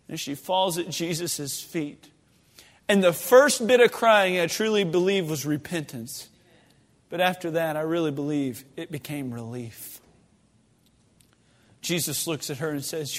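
A man preaching a sermon as pastor, moving between loud, fervent pleading and hushed storytelling, recorded in a church sanctuary. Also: high voice, measured pace. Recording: long reverb of a church sanctuary.

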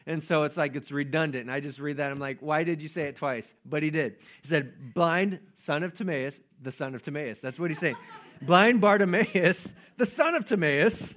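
A man's voice: fairly high pitch, fairly quick, a bit bright. A man preaching a casual, joking sermon and acting out the voices of Bible figures. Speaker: pastor.

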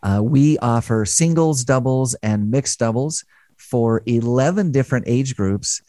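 A man's voice: mid-range voice, a little slow, mellow, no room sound, clean studio sound. Upbeat chatty middle-aged man hosting. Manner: upbeat and chatty, jokey asides. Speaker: host. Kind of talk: casual studio chat. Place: studio.

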